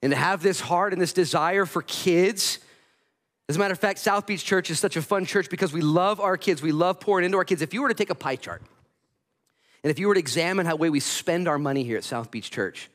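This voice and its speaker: A male pastor preaching a sermon in a church sanctuary, telling the story with animated, conversational energy. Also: high-pitched, brisk. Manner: animated storytelling, voices Bible characters in quotes.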